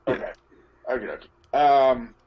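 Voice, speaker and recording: A man playing a tabletop game, talking casually at the table in a halting, stammering way. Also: mid-range voice, lively intonation. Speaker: player. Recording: dull lo-fi mic.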